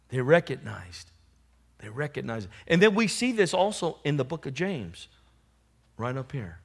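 A male preacher with a fairly high voice delivers a sermon. He builds to loud, emphatic peaks and then sinks back down, and he keeps drawing responses from the congregation. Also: husky.

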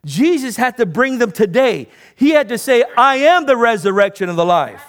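A man preaching a sermon, calling for amens from the congregation and building to shouted peaks. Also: extremely high pitch, big pitch swings, normal speed. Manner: call-and-response preaching, rising to shouts.

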